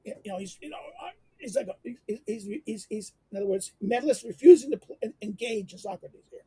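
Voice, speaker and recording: A man lecturing on a classic text, reading passages aloud and explaining them, halting with fillers and restarts and turning animated when he quotes. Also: breathy edge, no room sound. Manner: jumps into animated pitch when quoting.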